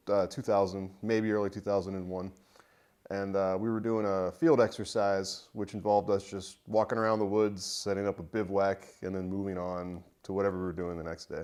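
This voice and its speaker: A young man casually telling a personal army story, rambling with plenty of fillers. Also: on the low side. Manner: loose and rambling, many fillers. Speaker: interviewee.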